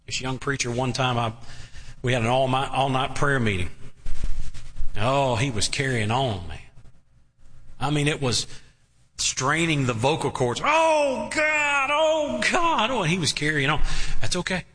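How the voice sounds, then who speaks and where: Bright-voiced preacher in a reverberant hall. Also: male voice, medium pitch. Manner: emphatic preaching with long drawn-out pauses. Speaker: pastor. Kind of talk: sermon. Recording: long reverb of a large hall.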